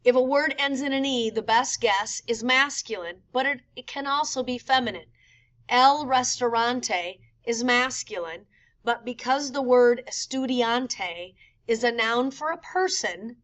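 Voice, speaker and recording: A woman teacher explaining grammar rules step by step in a recorded lesson, slowing down to spell out examples. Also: on the high side, fairly bright tone, poor audio. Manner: clear, methodical explaining with slow spelled-out examples. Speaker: Spanish teacher.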